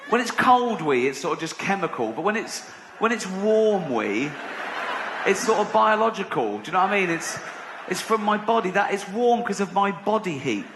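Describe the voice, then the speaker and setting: A man's voice: high-pitched, echoey room, noisy background. A middle-aged English man doing stand-up, rambling and self-deprecating, often laughing at his own jokes. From England. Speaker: stand-up comedian. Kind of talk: stand-up comedy routine. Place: theater stage with audience.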